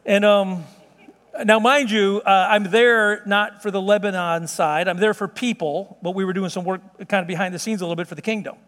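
High-voiced man preaching in a hall. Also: normal speed. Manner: animated storytelling with laughs and exclamations. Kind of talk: sermon testimony. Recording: hall reverb.

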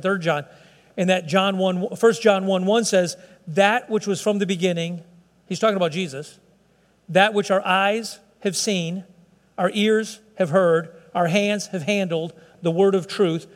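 Man preaching, high voice, impassioned, long hall reverb. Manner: impassioned, rising and dropping sharply for emphasis. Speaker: pastor. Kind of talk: sermon.

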